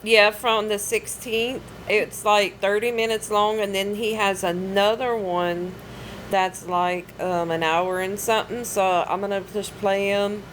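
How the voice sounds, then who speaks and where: A woman's voice: mid-range voice, fairly even intonation, unhurried, low-quality recording. Female livestream host, rambling and casual, faint background noise. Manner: rambling, with filler words.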